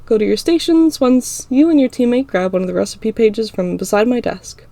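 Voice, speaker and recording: A woman's voice: a little high, animated, normal speed, gravelly, warm tone, dry recording. A woman voicing an upbeat female teacher addressing her cooking class in an audiobook. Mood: chirpy.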